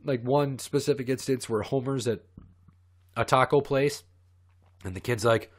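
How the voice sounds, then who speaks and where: A man's voice: medium pitch, steady tone, a little slow, long pauses. A man hosting a podcast who tells stories in a profane, heated, ranting way. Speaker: podcast host. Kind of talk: ranting storytelling.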